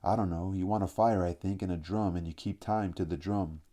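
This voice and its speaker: Hesitant boy follower, voiced by a man with a low, dark storybook tone. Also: steady tone, brisk, close to an everyday voice.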